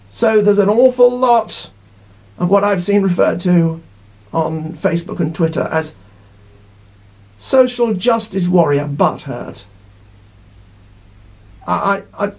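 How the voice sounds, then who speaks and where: A man's voice: high-pitched, darkish tone. A middle-aged man giving an indignant, rambling monologue to camera as a vlogger, repeating himself as he goes.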